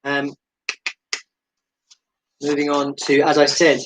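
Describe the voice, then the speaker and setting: A man's voice: on the high side, monotone, slow, fairly bright tone, a little hiss or hum, rough recording. A man leading a live-streamed seated and standing exercise class from his home, giving encouraging step-by-step cues with chatty, self-deprecating asides. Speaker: fitness instructor.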